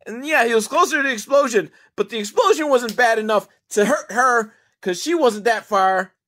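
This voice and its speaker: A man's voice: very high-pitched, expressive, moderate pace, pushed and bright. A man giving a casual, comedic movie recap, rambling and sarcastic with some swearing. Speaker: movie reviewer.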